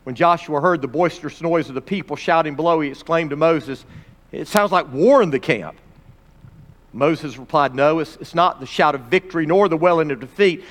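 A man teaching a Bible lesson, reading scripture dramatically with pauses and stopping to point out phrases. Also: on the high side, a bit bright. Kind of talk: expository sermon reading scripture. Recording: long reverb of a large hall.

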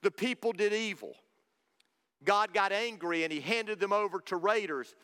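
Male pastor, clear ringing voice, sermon in a reverberant hall, builds in repeating waves. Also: sits high, normal speed, pushed and bright. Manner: preaching with rising intensity, repetitive cadence.

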